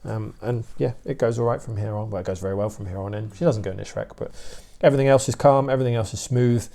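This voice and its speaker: A British man, a dog trainer, explaining his views in a steady, opinionated casual talk with many fillers. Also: fairly low pitch, fast, vocal fry, slight background noise.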